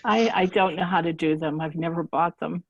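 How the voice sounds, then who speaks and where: A woman's voice: lowish voice, a little fast, muffled recording. A chatty woman who laughs a lot, co-leading a casual group session.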